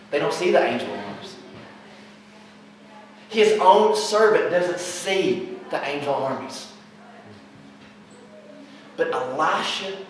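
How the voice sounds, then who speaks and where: A man's voice: mid-range voice, a bit bright, slight background noise. A man preaching a sermon, emphatic and fond of repeating rhetorical questions. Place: church sanctuary. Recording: very echoey hall, mic far off.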